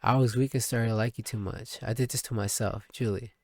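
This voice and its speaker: A lovesick schoolgirl pleading in soft, halting phrases, as a man reads her lines. The voice sits at a middling pitch and sounds close and dry, with no room around it. It plays like a visual novel read aloud. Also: fairly even intonation, no echo, lightly acted. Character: cheerful girl turned heartbroken, clingy.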